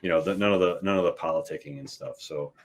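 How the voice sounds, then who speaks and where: A man's voice: extremely low pitch, fast. A man who designs war games, explaining at length as a guest in a casual chat, with restarts and "right?" tags.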